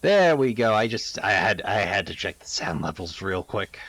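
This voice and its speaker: A man's voice: fairly low pitch, very animated, moderate pace, a bit bright. A man giving wry, casual commentary over a horror game, chatty and suspicious, swearing now and then. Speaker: let's-play host.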